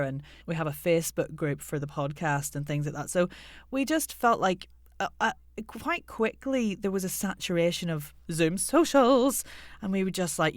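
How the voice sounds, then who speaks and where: British voice coach chatting on a podcast, mid pitch, dry close sound. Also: dry recording. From United Kingdom. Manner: explanatory, animated, jokey asides. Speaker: podcast co-host, voice and accent coach. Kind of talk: casual interview chat.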